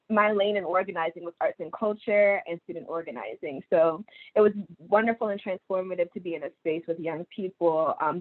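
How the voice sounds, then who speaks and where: A young woman speaks on a video call from her phone, her talk informal and animated, full of fillers. The sound is tinny and phone-like. It is also dry, with no room echo. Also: on the low side. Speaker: youth climate organizer.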